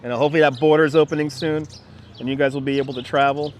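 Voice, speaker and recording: This man livestreams casually from a city park, his fairly high voice steady in tone and quick in pace. Chatty and rambling, he laughs a lot, restarts often and reads viewer comments out loud. His wireless clip-on mic catches faint outdoor noise and the park's birdsong.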